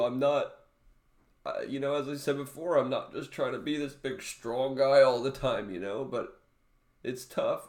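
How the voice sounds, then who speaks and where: A man talking straight to his viewers in an emotional personal vlog, his voice close to tears and breaking into halting restarts. His pitch sits in an ordinary middle range. The sound carries a noticeable room echo. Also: darkish tone. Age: adult father. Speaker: vlogger.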